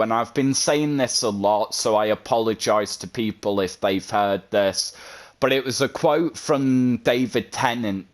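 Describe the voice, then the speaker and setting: A man, a content creator, talking earnestly and at length in a vlog, often repeating himself. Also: on the low side. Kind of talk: heartfelt vlog monologue.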